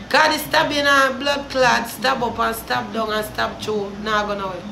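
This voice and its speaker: A young Jamaican woman vlogs a heated, cursing rant in a high voice. She drops low and somber, then flares into shouting. The room around her is echoey, with a faint hiss behind. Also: level tone, normal speed, creaky, hardly any pauses. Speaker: vlogger. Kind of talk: ranting commentary.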